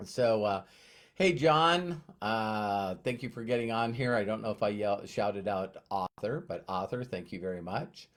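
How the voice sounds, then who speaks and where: A man's voice: on the low side, unhurried. Chatty male live-stream host. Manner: chatty, greets viewers by name. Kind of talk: casual live-stream talk. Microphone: phone.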